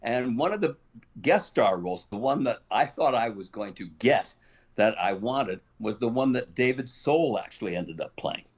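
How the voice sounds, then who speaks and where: An older man holds the floor as an interview guest, telling a behind-the-scenes story in an animated way. He chuckles often and acts out the lines people said. His voice sits at an everyday middle pitch. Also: moderate pace, husky. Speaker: guest actor.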